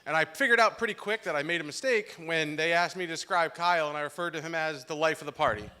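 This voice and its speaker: A young man with a bright, crisp voice gives a loud, joking wedding toast into a handheld microphone. He tells stories with a slightly emotional edge at a reception hall. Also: fairly high pitch, quick pace. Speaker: groomsman giving a toast.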